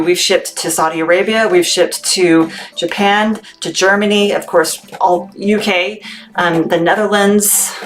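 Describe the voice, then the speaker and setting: A woman from Texas running a live-stream sale for her candy shop, upbeat and chatty, thanking viewers by name as she talks. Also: mid-range voice. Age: adult, military veteran. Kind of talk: live-stream sales chat.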